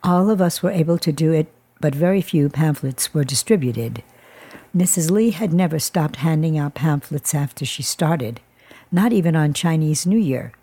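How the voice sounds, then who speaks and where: A woman narrates a first-person testimony from a script, with a careful, measured delivery. Her voice sits low and sounds warm and mellow. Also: lively intonation, husky.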